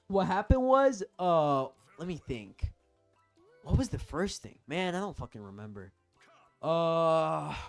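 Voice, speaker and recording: A young man telling a story in a casual, profane, rambling rant as a vlogger. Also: on the high side.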